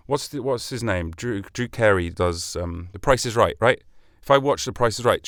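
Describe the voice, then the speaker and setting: A man's voice: medium pitch, a bit bright, smooth, no room sound. A British man talks through a solo podcast episode, rambling from point to point with casual swearing. His voice sits in an ordinary middle range. The recording is dry and close, with no room sound. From Britain. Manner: chatty, rambling, self-deprecating with swearing. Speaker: podcast host.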